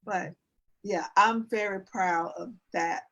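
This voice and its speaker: A woman's voice: medium pitch, slow pace, fairly bright tone, lo-fi sound. A woman, an etiquette and image consultant, talking in a casual interview, earnestly explaining with everyday examples. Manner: explains with everyday examples and demonstrates sentence endings; earnest, instructive, with frequent restarts.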